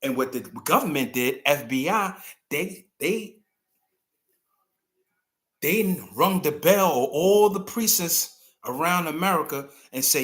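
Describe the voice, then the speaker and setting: A man's voice: fairly high pitch, expressive, slow pace, a bit bright. A man hosting a talk show, delivering a casual, rambling opinion monologue and acting out the people he quotes. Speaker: commentary show host.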